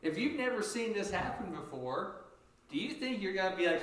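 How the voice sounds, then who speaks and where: A man preaching a sermon in a lively, animated way, jumping up in pitch as he acts out what people said. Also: normal speed. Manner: animated, acts out quotes with sudden high pitch jumps. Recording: echoey room, distant from mic.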